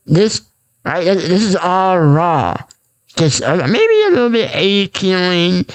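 A man's voice: sits high, very animated, slow. A man hosting a raw, unscripted solo podcast, rambling and repeating himself with lots of fillers and restarts. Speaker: podcast host.

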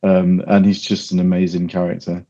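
A man hosts a casual podcast chat. His voice is on the low side and he rambles good-naturedly. The recording is dull and lo-fi. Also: completely flat delivery, normal speed, dark tone. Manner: chatty, rambling, laughs often. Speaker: podcast host. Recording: dull lo-fi audio.

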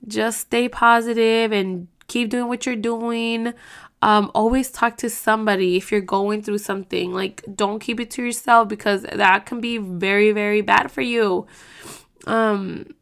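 This podcast host has a fairly high, creaky voice with a clean, fairly bright tone. In her casual monologue she turns heated and emotional, talking bluntly, swearing often, and rambling with many restarts.

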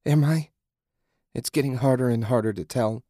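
A man's voice: medium pitch, moderate pace, dark tone, no echo, clean studio sound, voice pushed up, close to an everyday voice. A man voicing a weary, sarcastic young woman who has survived a nightmare, speaking bitterly in an audiobook. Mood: sardonic. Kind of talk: audiobook character voice.

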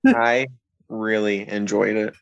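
A man's voice: on the low side, fairly even intonation, slow, gravelly, clear, resonant tone, dull audio. A man appearing as a guest on a casual movie review podcast, speaking upbeat and plain-spoken.

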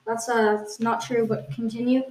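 Woman cohost insisting on silly stuff with a straight face, lots of ums, fairly high voice, echoey. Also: little pitch movement, moderate pace, a little mellow. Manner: hesitant, insisting on absurd claims with a straight face. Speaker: podcast co-host. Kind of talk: improvised comedy banter. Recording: echoey room.

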